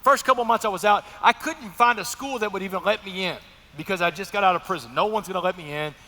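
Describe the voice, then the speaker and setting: Guy telling his story to a crowd, quick and high, big echoey hall. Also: pushed and bright. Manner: earnest storytelling, addresses crowd directly. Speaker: guest speaker sharing recovery testimony. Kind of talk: personal testimony speech to an audience. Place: large event hall at a breakfast gathering.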